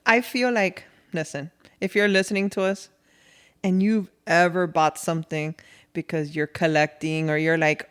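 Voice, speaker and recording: A woman co-hosting a podcast, chatting casually in an animated, rambling way with laughs. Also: fairly low pitch, moderate pace, clear, resonant tone. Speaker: podcast co-host. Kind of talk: casual chat.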